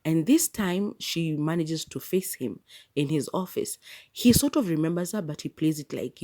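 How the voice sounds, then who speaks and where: Chatty woman with a mellow voice. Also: deep voice, moderate pace. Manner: chatty, animated retelling with laughs. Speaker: podcast host. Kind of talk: casual movie review.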